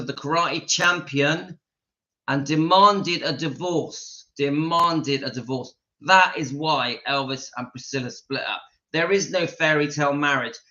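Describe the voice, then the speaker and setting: A man's voice: fairly high pitch, pushed and bright, dull audio. A man hosting a casual livestream, reading viewer comments aloud and giving his opinions emphatically. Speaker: channel host reading live chat.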